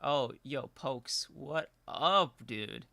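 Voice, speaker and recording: A man's voice: mid-range voice, drawn-out words, gravelly, no echo. A young man co-hosting a casual live-streamed podcast, telling rambling stories full of fillers and restarts. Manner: rambling, animated storytelling with many fillers. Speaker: podcast co-host.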